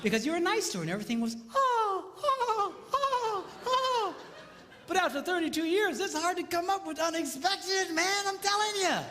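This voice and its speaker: A man's voice: very high voice, quick pace, few pauses. A middle-aged man giving a comedic marriage seminar on stage before a live audience, acting out voices and sounds as he tells stories. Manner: animated, acts out voices and sounds mid-story. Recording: reverberant live hall, faint noise.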